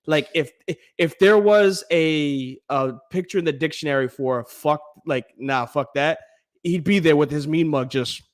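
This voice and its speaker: A man co-hosting a casual sports podcast with a slightly raised voice. He talks in animated, profane bursts and laughs easily as he goes. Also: a little high, measured pace. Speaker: podcast co-host.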